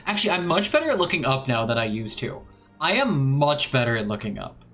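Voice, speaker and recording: A man's voice: medium pitch, very animated, fairly quick, a bit bright. Chatty, playful male game streamer. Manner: chatty and playful, hums filler sounds while deciding. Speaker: live streamer. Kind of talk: casual live-stream gaming chat. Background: faint background music.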